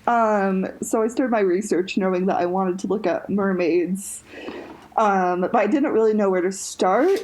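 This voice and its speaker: A woman's voice: medium pitch, normal speed, a little mellow, poor audio. A young woman co-hosting a podcast in casual chat, rambling with lots of fillers and restarts. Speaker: podcast co-host.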